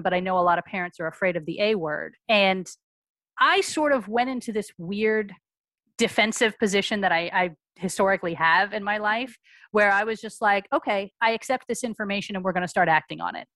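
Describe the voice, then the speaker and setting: Frank, brisk woman telling her story. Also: mid-range voice, a bit bright, dry recording. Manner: frank, brisk, acts out quoted dialogue. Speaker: guest, mother. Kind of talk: podcast interview storytelling.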